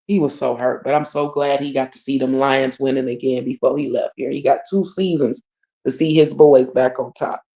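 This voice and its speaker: Streaming from home in dull lo-fi audio, a Detroit woman with a very deep, dark voice shares a casual story at normal speed with fairly even intonation. The host talks bluntly, swears, uses slang, and repeatedly shouts out to her viewers.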